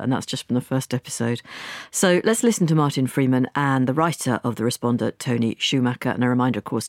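A woman hosting a podcast interview, brisk and conversational, often interjecting. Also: rumbling low, a little mellow, no echo, studio quality. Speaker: podcast host.

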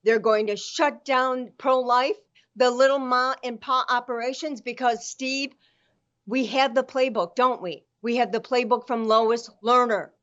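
A woman guest speaking forcefully and indignantly in a political interview. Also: on the high side, fairly even intonation, unhurried, highs cut off.

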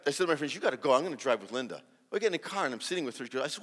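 A man giving a sermon as a guest preacher, telling a story and acting out the dialogue with lively energy and many restarts. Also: mid-range voice, racing, hardly any pauses, big-room sound. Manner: animated, acts out dialogue, restarts often. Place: large church hall.

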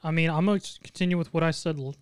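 A man's voice: fairly high pitch, steady tone, rapid-fire, clear, resonant tone, no echo, studio quality. A man co-hosting a casual podcast, chiming in with joking remarks. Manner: joking, interjecting. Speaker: podcast co-host. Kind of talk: casual chat.

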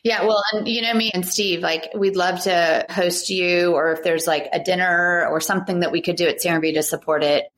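A woman's voice: lowish voice, fairly even intonation, normal speed, few pauses, a bit bright, poor audio. A woman in a casual chat, talking in a chatty, rambling way with lots of fillers. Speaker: conversation participant.

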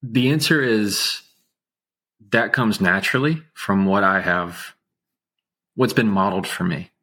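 A man speaking as an interview guest, an attorney, with a calm, soothing low voice and slow, measured delivery. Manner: slow, measured, unhurried speech. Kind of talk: casual interview talk.

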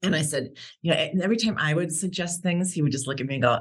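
A woman's voice: low voice, fast, slight background noise. A woman, a podcast guest, telling a heartfelt personal story about her brother and often laughing between sentences.

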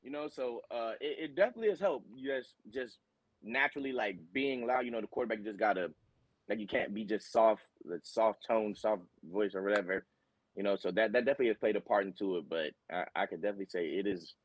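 A man's voice: lowish voice, fast talker, no echo, low-quality recording. A young man from Tennessee, a college linebacker, talking casually in an interview with many fillers. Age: young adult. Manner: relaxed, rambling with many fillers.

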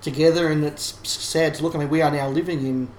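A man talks through a casual podcast discussion in a thoughtful, analytical way, often restarting his sentences. His voice sits a little high. The recording sounds roomy, with a faint hiss underneath. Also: fairly even intonation, quick pace. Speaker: podcast co-host.

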